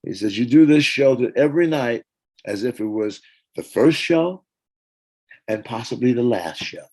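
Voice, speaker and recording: Older man telling animated stories. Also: medium pitch, normal speed, poor audio. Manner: animated storyteller, acts out quotes and hums parts. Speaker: interview guest, former band singer. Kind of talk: casual storytelling interview.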